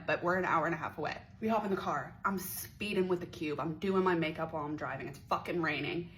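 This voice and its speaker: A woman's voice: low voice, fast, few pauses, slight background noise, low-quality recording. Chatty young woman telling a wild story. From Pittsburgh area, USA. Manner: chatty, profane, dramatic quoted voices. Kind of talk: casual storytime vlog.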